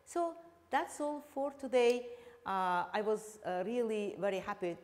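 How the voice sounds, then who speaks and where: A woman English teacher with an Azerbaijani accent, slowly explaining a televised lesson with frequent fillers. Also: mid-range voice, animated, a little mellow, in a large hall. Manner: slow, deliberate explaining with fillers.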